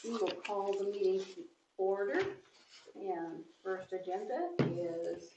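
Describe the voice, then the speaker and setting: A woman chairs a small-town council meeting, moving briskly through the motions and votes. Her voice is picked up from some distance in an echoey chamber, with loud background noise underneath. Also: mid-range voice. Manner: brisk and procedural, calling motions.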